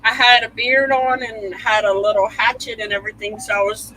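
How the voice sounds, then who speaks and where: A woman's voice: on the high side, level tone, brisk, pushed and bright, a little hiss or hum, rough recording. A woman hosting a casual live stream, answering teasing with playful, mock-offended banter. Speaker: host.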